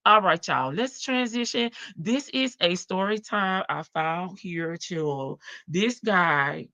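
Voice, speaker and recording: A woman with a Southern US accent, hosting a live stream and chatting casually as she reads viewer comments. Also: fairly low pitch. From American South. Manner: chatty, animated, drawn-out Southern phrasing. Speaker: livestream host.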